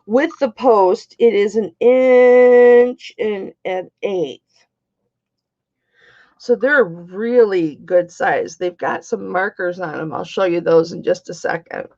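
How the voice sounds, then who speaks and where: In a slow, mellow, mid-range voice, a woman in her fifties runs a live-stream jewelry sale, greeting viewers by name as she shows off each piece. The stream audio is dull and lo-fi.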